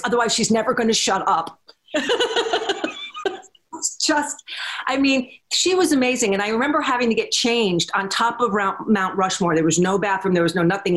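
A middle-aged woman, an actress guest, telling animated behind-the-scenes anecdotes in casual chat, with frequent restarts and acted-out quotes. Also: medium pitch. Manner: animated storyteller, acts out quotes, many restarts.

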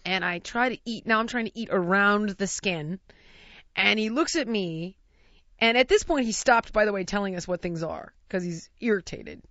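A woman from the United States tells a comic anecdote in relaxed conversation, bouncing between narration and acted-out quotes with plenty of laughter. Her voice sits at an ordinary middle pitch. The recording is dry and slightly dull. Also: moderate pace, no echo. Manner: animated, laughs through her own story, acts out quotes. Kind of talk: casual storytelling chat.

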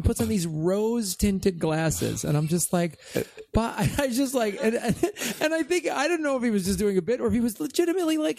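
A man guesting on a comedy podcast, with a high voice that leaps around as he spins a crude story. He is brash and foul-mouthed, and he sits close to a studio mic in a dry room. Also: very animated, brisk, gravelly, darkish tone, no echo. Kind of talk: casual comedy podcast chat. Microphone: studio microphone.

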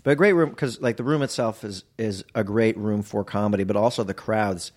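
A man's voice: on the low side, a little fast. A man, a comedian guest, chatting casually and laughing readily. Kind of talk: casual chat.

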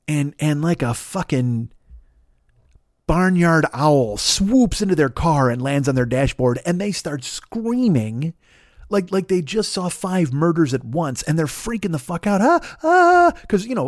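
Podcast guy ranting for laughs, swears a ton, keeps restarting, slightly high voice. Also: a little mellow, no room sound, clean studio sound. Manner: profane, rambling, full of restarts and acted-out bits. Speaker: podcast host. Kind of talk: comedic rant.

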